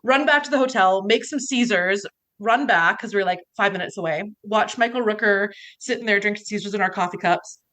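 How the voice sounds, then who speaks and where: A young woman co-hosting a podcast, telling a story in animated casual chat, swearing freely and acting out what others said. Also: medium pitch, brisk. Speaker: podcast co-host.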